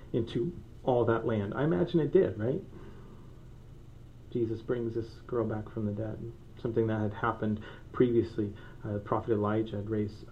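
A man, a pastor with children, preaching a sermon in a relaxed, joking way and laughing often. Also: lowish voice, lo-fi sound, slight background noise. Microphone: microphone.

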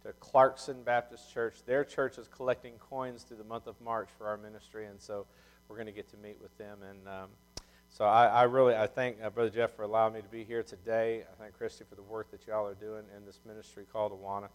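Guy in his fifties preaching at church, talks fast and folksy, tells stories. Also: lowish voice, rough recording. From Ohio, USA. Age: 50s. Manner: fast-talking, animated storyteller, folksy. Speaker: visiting missionary speaker. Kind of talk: church sermon with storytelling.

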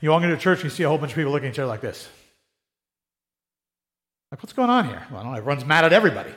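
A man's voice: on the high side, sing-song, racing, a bit bright. A man preaching a sermon in a conversational way, often acting out the voices of people he quotes. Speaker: pastor.

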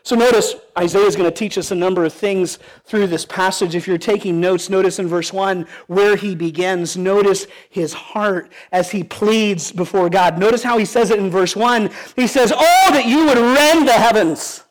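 A man's voice: high-pitched, steady tone, moderate pace, few pauses. A pastor preaching a sermon in an earnest, pleading way, asking the congregation questions and often restarting his sentences.

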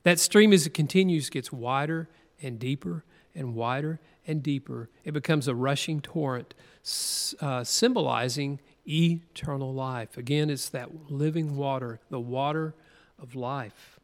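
A man's voice: medium pitch, measured pace. A man preaching a sermon, reading scripture aloud with earnest emphasis and stretching key words. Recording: long hall reverb.

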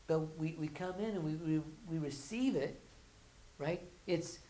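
Lower-voiced woman preaching conversationally. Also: measured pace, mellow, poor audio. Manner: acts out everyday voices of the listeners; informal, often repeats and restarts words. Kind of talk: conversational sermon.

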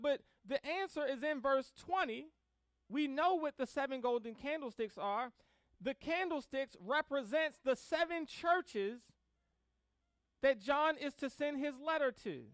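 A man preaching a sermon. He reads scripture slowly, then preaches with rising emphasis and relaxed asides. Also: extremely high pitch, no room sound. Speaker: pastor.

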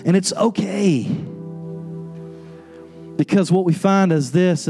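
Earnest preaching man over soft guitar. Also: steady tone, takes it slowly, long pauses. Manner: earnest, rising to an impassioned preaching pitch. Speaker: pastor. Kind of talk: sermon. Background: soft guitar music.

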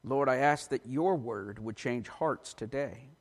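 A pastor preaching a sermon in a church, reading scripture aloud with an emphatic delivery. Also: male voice, mid-range voice, measured pace. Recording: long reverb of a large hall.

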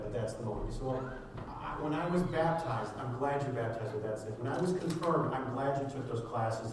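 A middle-aged man preaches a sermon, drifting through homely stories with asides tossed in along the way. His voice comes from some distance off the microphone and rings around a very reverberant church hall. A steady background noise sits under his words. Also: mid-range voice. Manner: rambling, folksy storytelling with many asides. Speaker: pastor. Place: church sanctuary.

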